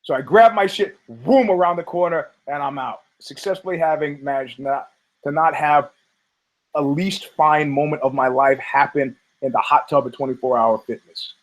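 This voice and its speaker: A man hosting a podcast, telling a story in a casual, profane, animated way and acting out the people in it. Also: on the high side, moderate pace, low-quality recording. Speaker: podcast host.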